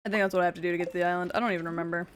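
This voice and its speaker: A woman's voice: fairly low pitch, fairly even intonation, racing, slight background noise. A woman live streaming a video game, chatting casually with her viewers in a playful, teasing way. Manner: playful and teasing, talking to chat. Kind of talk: casual gaming stream chat.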